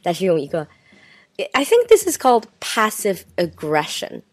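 A woman's voice: medium pitch, huge pitch swings, moderate pace, no room sound. A woman co-hosting an educational chat whose first language is Mandarin Chinese, curious and asking questions as she explains things in two languages. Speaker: co-host.

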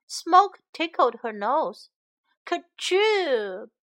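Slow, bright woman reading a children's story. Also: on the high side. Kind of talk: children's storybook narration for English learners.

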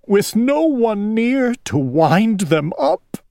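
A woman voicing a gentle, earnest male owl who frets and weeps in a picture book read-aloud; Chinese is her first language. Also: low-pitched, big pitch swings, takes it slowly, no echo, heavily acted. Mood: sad, musing.

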